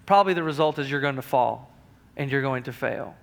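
A man's voice: brisk, creaky, a bit bright. A man preaching a sermon as pastor, reading old-style scripture and building to emphatic, rising passages. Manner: emphatic preaching that rises in pitch and volume, with restarts; reads scripture aloud in King James wording.

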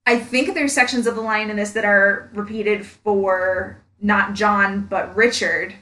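A woman co-hosting a casual film podcast, enthusiastic and animated as she talks. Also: mid-range voice, a little slow. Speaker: podcast co-host. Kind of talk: casual chat. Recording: echoey room.

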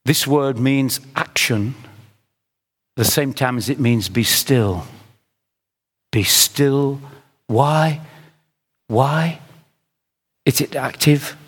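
A middle-aged man preaching a sermon with impassioned, emphatic runs that climb in pitch. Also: drawn-out words, pauses often, husky, big-room sound.

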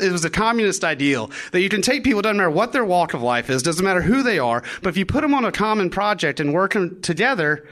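A former prosecutor telling a comic story on stage, animated and acting out the people he quotes. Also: high voice.

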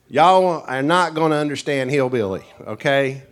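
Male pastor, East Tennessee mountain accent, folksy joking sermon delivery, mid-range voice. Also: medium pitch. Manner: folksy, joking, chuckling storyteller. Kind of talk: humorous sermon to a congregation.

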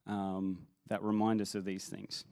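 Earnest low-voiced male worship leader. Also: completely flat delivery, measured pace, vocal fry, a little mellow, dry recording, clean studio sound. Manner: earnest, with hesitant restarts and emphatic quoted scripture. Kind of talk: sermon-style talk.

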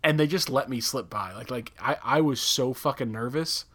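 A man chatting casually with a friend, telling a quick anecdote with plenty of swearing. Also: mid-range voice, a bit bright, breathy edge. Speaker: conversation partner. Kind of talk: casual chat.

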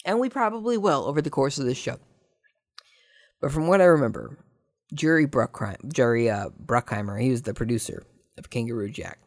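This podcast host from Southern California speaks at a medium pitch and a fairly quick pace. Working through listener questions, he's casual, rambling and jokey, and now and then he breaks into excited bursts.

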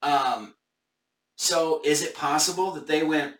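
A man's voice: on the high side, takes it slowly, a bit bright, roomy sound, far from the mic. A man hosting a casual Bible study discussion live on camera, thinking aloud with hesitant restarts.

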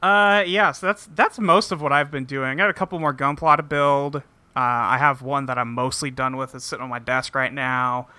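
A man's voice: mid-range voice, steady tone, moderate pace, bright, forceful tone, clear, resonant tone, no echo. A man hosting a casual podcast, recapping TV episodes and briefly acting out the characters' lines, with casual swearing. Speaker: podcast host recapping a show.

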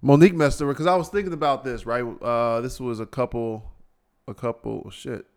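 A man's voice: medium pitch, brisk, a little mellow. Profane man ranting on his podcast. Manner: profane, exasperated ranting with mocking impressions. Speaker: podcast host. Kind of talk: solo podcast rant.

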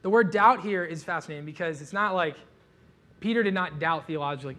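A man's voice: fairly high pitch, fairly quick, pushed and bright. A man preaching a sermon in a casual, joking way, retelling a story with lots of filler words and asides. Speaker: pastor.

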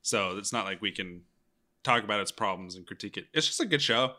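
A man's voice: on the low side, lively intonation, fast, sharp tone. A man co-hosting a casual chat about a show, laid-back and teasing. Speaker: podcast co-host.

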